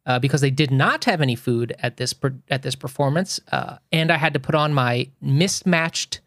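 A man's voice: mid-range voice, moderate pace, a bit bright, no echo, clean studio sound. A man co-hosting a casual podcast, telling stories in a wry, joking way. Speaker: podcast co-host.

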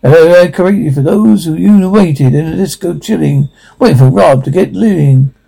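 Man with a dark, gravelly voice reading captions. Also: on the high side, normal speed, rough recording. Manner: reads every character's lines and sound cues in one voice. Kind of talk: flat reading of film dialogue and sound captions.

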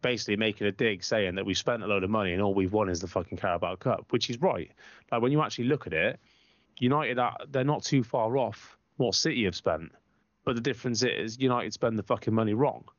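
A man's voice: on the low side, quick pace, no room sound. A man co-hosting a football podcast, ranting bluntly and swearing constantly in heated casual chat. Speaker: podcast co-host, football fan. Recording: dry, slightly muffled lo-fi sound.

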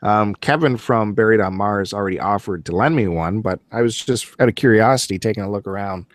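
A man's voice: fairly low pitch, fairly quick, no echo, studio quality. A man hosting a podcast, chatting casually and teasing his co-host, laughing often. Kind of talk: casual chat.

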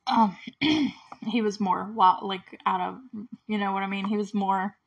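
A woman's voice: medium pitch, steady tone, a little slow, slightly rough, muffled recording. A woman casually recapping a movie, chatty and giggly, full of filler words and acting out the characters' lines.

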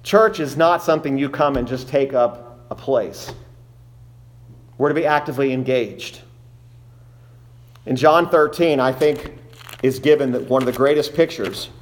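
A man's voice: medium pitch, unhurried, long pauses. A man preaching a sermon as pastor, earnest, reading scripture aloud in old King James wording.

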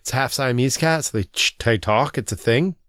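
A man's voice: mid-range voice, normal speed, a bit bright, smooth, dry recording. A man chats on a podcast in an exasperated voice, sighing between thoughts and slipping into little quoted voices. His voice sits mid-range and sounds dry and close, with no room around it. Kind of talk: casual chat.

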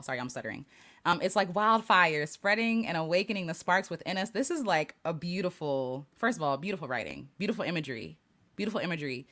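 Animated woman with a lively, swooping voice. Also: lowish voice, quick pace. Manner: animated and reflective, laughs often, frequent restarts. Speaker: livestream host. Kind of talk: casual live-stream chat reading viewer comments.

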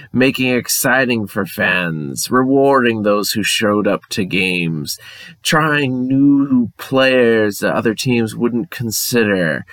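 Man playing a stern older male ghost, English accent, lecturing in a lowish, dry voice. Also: fairly bright tone, no echo. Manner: lecturing, scolding. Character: stern old male ghost of a baseball owner.

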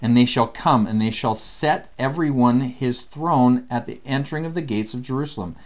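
A man leading a casual scripture study lesson, animated and acting out the voices he quotes. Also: mid-range voice, normal speed.

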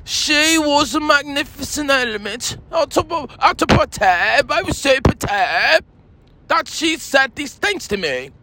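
A man voicing a boastful, touchy self-styled British gentleman with a put-on British accent, lecturing haughtily and breaking into shouted rants in a comedy sketch. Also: very high-pitched, lively intonation, unhurried, full character voice, poor audio. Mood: haughty. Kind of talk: comedy sketch character monologue.

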